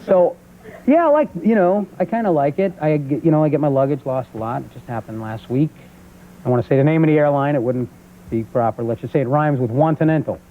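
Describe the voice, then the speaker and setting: A man in his thirties with a New York accent, a comedian guest on a talk show telling stories and jumping into loud character voices. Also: on the high side, expressive, fast talker. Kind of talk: talk show stand-up storytelling. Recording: tinny phone-like old VHS audio with faint hiss.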